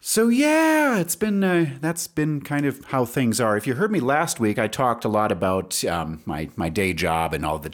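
A man's voice: low voice, breathy edge. A man hosting a solo podcast, talking casually in a rambling, self-deprecating way with many fillers, feeling stressed and anxious. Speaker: podcast host.

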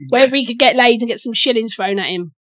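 A woman judges a comedy game in a teasing, mock-stern way. Her voice sits a little high and sounds close and dry. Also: quick pace, fairly bright tone, no room sound. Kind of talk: casual chat.

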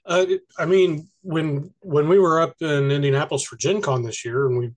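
A man with a higher-than-usual voice, chatting casually on a close podcast mic. He hesitates often, fills gaps with "uh", and laughs easily. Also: fairly even intonation, normal speed. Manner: hesitant, filler-heavy, easy laughter. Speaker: podcast co-host. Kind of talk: casual chat.

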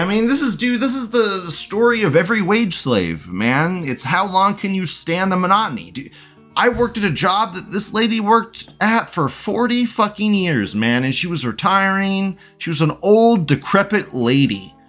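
A man's voice: sits high, big pitch swings, normal speed, fairly bright tone, soft background music. A young man hosting a livestream, ranting crudely and profanely in casual commentary and laughing often. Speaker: livestream host reading chat.

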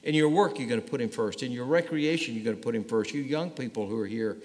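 A man's voice: medium pitch, fast, a little mellow. A man preaching a sermon to his congregation in a church, emphatic and speaking to them directly. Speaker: pastor. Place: church sanctuary. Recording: long reverb of a large hall.

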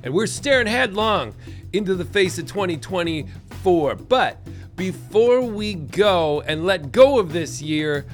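Animated joking man hosting a podcast. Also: on the high side. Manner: animated, rambling and joking, many asides and laughs. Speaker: podcast host. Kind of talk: casual solo monologue.

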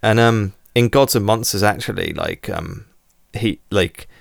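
A man's voice: on the low side, a little slow, gravelly, no echo, studio quality. A man chatting casually about old horror films, rambling with lots of fillers and restarts. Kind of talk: casual film podcast chat.

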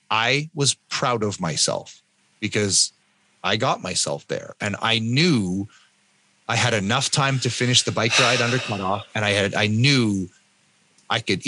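A Canadian man in his fifties telling his own story in an interview with animated delivery, often acting out the voices of other people. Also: lowish voice, no room sound. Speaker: guest, endurance athlete and coach.

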